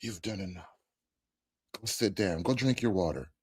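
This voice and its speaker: A man's voice: deep voice, normal speed, a little mellow, husky, dry recording, studio quality, pitched below the performer's own voice. A man voicing a patronizing handler who soothingly coaxes someone off a stage. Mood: mocking. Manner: condescending, repetitive cooing. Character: patronizing soothing handler coaxing a speaker offstage.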